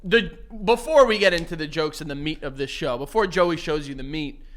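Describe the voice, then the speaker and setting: Bright, high-voiced teasing podcast man. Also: brisk. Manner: teasing, playful, laughs at his own jokes. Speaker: podcast co-host. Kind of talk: casual chat.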